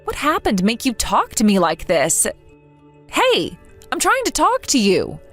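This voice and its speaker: A synthetic woman's voice reading a hurt young woman from a text-message story. She asks earnest, pleading questions in a fairly high voice. Her pitch swings widely from line to line. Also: huge pitch swings, unhurried, a bit bright, faint music behind, exaggerated voice.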